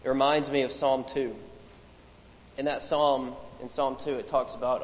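A man's voice: mid-range voice, level tone, moderate pace. A man preaching a sermon in a casual, joking way, with asides and laughs between points. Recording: long hall reverb.

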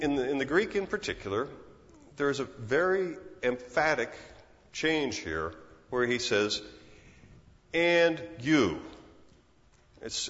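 A man's voice: medium pitch, fairly bright tone. A man in his sixties preaching a sermon in an earnest, conversational way, often restarting his phrases. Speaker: pastor. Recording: muffled sound with long reverb in a large hall.

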